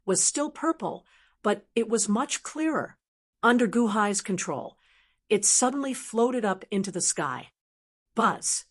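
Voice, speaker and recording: A woman narrating a fantasy novel audiobook at a mid pitch. Her reading is steady and even, with a scripted storytelling delivery.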